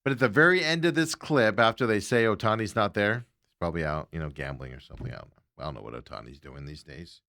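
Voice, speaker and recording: Man, sports talk host, casual monologue, chatty with little chuckles, low voice, dry sound. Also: fast, sharp tone, no room sound. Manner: chatty, loose, chuckling asides.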